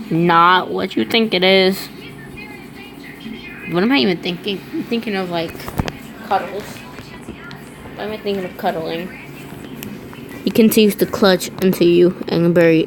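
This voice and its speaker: A woman's voice: fairly low pitch, rough recording. A woman reading fan fiction aloud, often stumbling over words and restarting lines. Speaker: reader.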